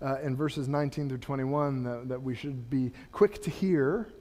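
A middle-aged man preaching a sermon as pastor, animated and rising to impassioned rhetorical questions. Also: mid-range voice, normal speed. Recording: long hall reverb.

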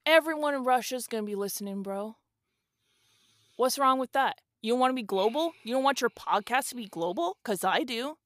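A woman's voice: a little high, animated, brisk, fairly bright tone, no echo, clean studio sound. A woman doing a rambling rich-kid influencer guy. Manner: slangy, rambling, defensive drawl. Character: young male rich-kid influencer, laid-back, airheaded. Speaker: podcast guest. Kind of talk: improvised comedy podcast sketch.

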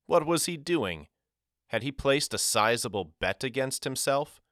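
A man's voice: medium pitch, expressive, unhurried, fairly bright tone, no room sound. A man narrating a story in the first person with dramatic delivery, recorded close in a studio. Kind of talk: audiobook narration.

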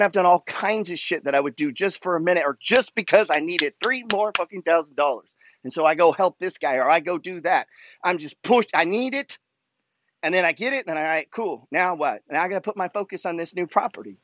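Pumped-up guy cussing nonstop about money, kinda high voice, dry dull sound. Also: lively intonation, fairly quick, fairly bright tone, dry recording. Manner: swears constantly, pushy, fired-up. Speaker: host reading follower emails. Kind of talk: profane motivational rant.

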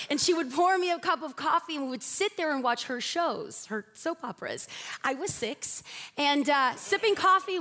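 A woman preacher with a high voice delivers a sermon full of animated, humorous storytelling. She speaks from a church stage, and a long hall reverb trails her words. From Mexican and Puerto Rican family.

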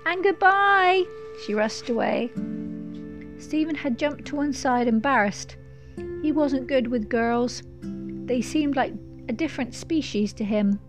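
A woman narrating a storybook in a measured, descriptive way. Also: high-pitched, music in the background.

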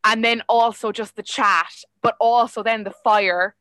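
Brief: young Irish woman, bright forceful tone, close dry mic, lively chatty guest. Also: a little high, measured pace, no echo. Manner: chatty, enthusiastic, animated storytelling. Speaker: podcast guest. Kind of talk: casual chat.

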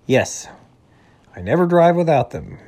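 A man's voice: fairly high pitch, very animated, measured pace, a little mellow, voice pushed up, full character voice. A man voicing an upset male skunk bus driver in a storybook. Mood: whiny.

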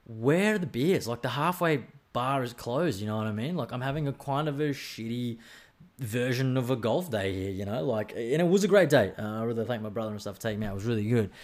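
A man's voice: mid-range voice, fast talker. A young man with an Australian accent telling a rambling, sweary story in a casual podcast chat, acting out bits of dialogue. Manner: rambling, sweary, animated storytelling with acted-out quotes.

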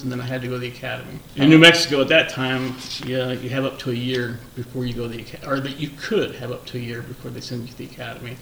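A man with a gravelly, fry-tinged voice recounts old cases in an easy, anecdotal way. He sits at a distance from the mic, and the room echoes around him. A faint hiss runs underneath. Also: mid-range voice. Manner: relaxed anecdotal storytelling with laughs. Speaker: interview guest, former undercover narcotics officer. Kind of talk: casual storytelling interview.

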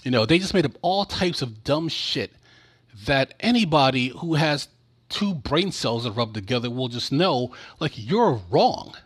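A man's voice: mid-range voice, lively intonation, measured pace, husky. A man giving casual political commentary in a blunt, sarcastic and profane way.

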